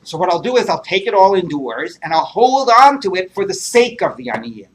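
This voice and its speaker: A man's voice: high voice, very animated, fairly quick, a bit bright, slight background noise. A man teaching a Talmud class, working through texts aloud with many rhetorical questions and fillers.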